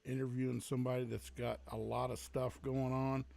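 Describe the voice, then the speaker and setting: Gravelly-voiced man hosting a live show. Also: mid-range voice, flat delivery, normal speed, darkish tone. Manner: chatty, fumbling with audio setup. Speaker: livestream host. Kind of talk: casual live show chat.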